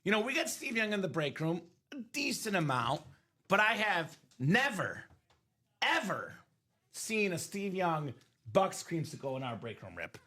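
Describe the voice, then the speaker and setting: A man with a high voice and a measured pace hosts a live trading card break stream, chatting with his co-host and animatedly explaining the rules to viewers. He keeps coughing and is losing his voice as he runs the sales chat.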